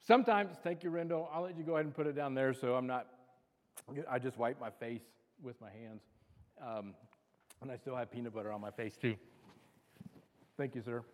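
A man's voice: medium pitch, moderate pace, pauses often. A man preaching a casual sermon, chatty and self-deprecating, cracking jokes as he talks. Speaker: pastor. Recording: long reverb of a large hall.

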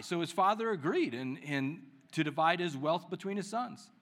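A man preaching, who reads the scripture with lively dramatic emphasis and leads prayer in a soft, slow voice. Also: on the high side. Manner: prays softly and slowly. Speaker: pastor. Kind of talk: sermon with Bible reading and prayer.

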